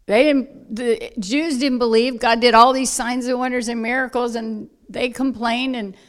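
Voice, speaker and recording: A woman preaching a sermon, emphatic and unhurried, with soft quiet asides. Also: a little high, steady tone.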